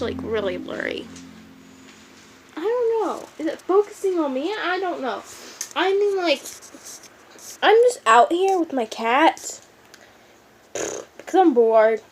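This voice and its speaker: High-voiced, slow-talking young woman vlogger. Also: slight background noise, low-quality recording. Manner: rambling, giggly, swears casually. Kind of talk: casual chat to camera.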